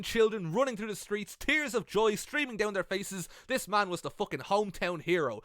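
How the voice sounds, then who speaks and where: A young Irish man giving comedic, sweary advice about wrestling commentary in an animated vlog, speaking into a gaming headset. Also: sits high, no echo, clean studio sound. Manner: animated, sweary, self-mocking.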